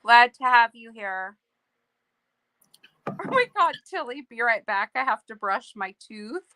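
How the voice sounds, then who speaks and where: A woman co-hosting a live stream, loudly and bubbly greeting viewers by name. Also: on the high side, lively intonation, a little slow, a little hiss or hum, low-quality recording. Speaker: co-host of a live stream channel. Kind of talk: casual chat on a live stream.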